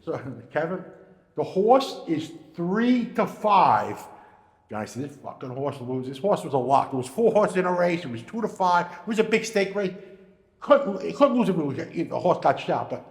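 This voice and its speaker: A man telling stories in casual chat, animated, acting out the voices of the people in his stories. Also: sits high, moderate pace. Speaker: storyteller. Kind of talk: casual storytelling. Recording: echoey room with long reverb.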